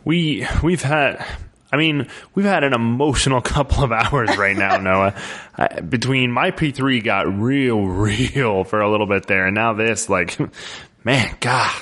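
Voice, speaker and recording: A man's voice: medium pitch, unhurried, fairly bright tone. Stammering, laughing podcast host man. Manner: stammering, repeats words, laughs easily. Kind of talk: conversational interview.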